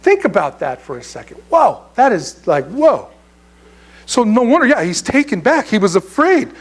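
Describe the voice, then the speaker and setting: High-voiced joking male pastor. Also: very animated, normal speed. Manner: conversational and joking, with frequent restarts. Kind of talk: sermon. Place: church sanctuary.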